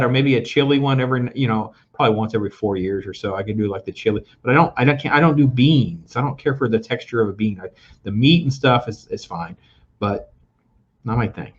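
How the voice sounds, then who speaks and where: Here the older host speaks briskly in a mid-range voice, the highs cut off in the recording. He hosts a casual talk show chat full of joking, opinionated rants about food.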